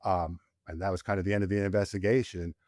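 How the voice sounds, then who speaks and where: A man's voice: deep voice, steady tone, fast talker, darkish tone, no room sound, clean studio sound. A man in his forties, a Marine combat veteran, tells war stories candidly as a podcast guest, his voice climbing when he relives tense moments. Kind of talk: candid storytelling in casual conversation.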